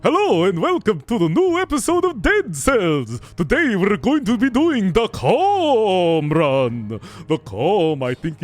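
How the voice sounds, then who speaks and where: A hammy vampire nobleman, put on by a man speaks slowly and grandly in a put-on Russian-style accent. His voice sits high and swings widely. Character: hammy male vampire count, pompous.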